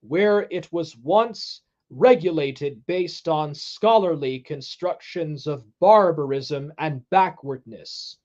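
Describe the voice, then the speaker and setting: A man hosting a casual livestream, reading viewer chat aloud in a loose, relaxed way with many fillers. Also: a little high. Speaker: streamer. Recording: dull lo-fi stream audio.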